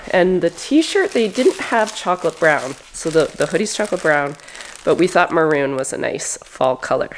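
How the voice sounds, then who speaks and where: A woman vlogging casually about her farm and shop, chatty and quick to laugh. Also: deep voice, slight background noise. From Canada. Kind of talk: casual vlog talk.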